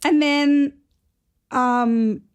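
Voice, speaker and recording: A woman with a fairly high voice, chatting casually as a podcast co-host. She retells each scene by performing the characters' lines as she goes. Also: steady tone, extremely slow. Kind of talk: casual recap chat.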